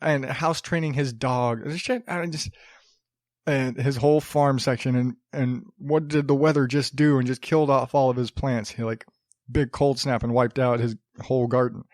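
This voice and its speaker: A man's voice: medium pitch, steady tone, normal speed, a little mellow, no echo, studio quality. A man hosting a solo podcast, rambling casually with many fillers, restarts and swearing. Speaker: podcast host.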